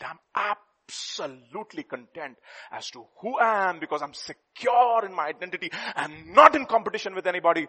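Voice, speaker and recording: A husky male preacher with a fairly high voice that rises and falls widely. He tells a story in a playful, lively way and laughs easily. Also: normal speed. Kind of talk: sermon with storytelling.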